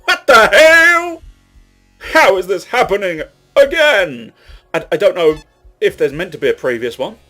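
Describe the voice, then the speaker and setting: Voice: medium pitch, very animated, a little slow, sharp tone, soft background music. A let's play gamer giving casual commentary while playing, rambling and correcting themselves, swearing at their own mistakes.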